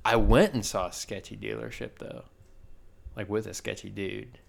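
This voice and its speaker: A man's voice: lowish voice, flat delivery, normal speed, creaky. A man co-hosting a podcast, chatting casually and rambling through a story. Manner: rambling storyteller, acts out quotes. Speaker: podcast co-host. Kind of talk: casual chat.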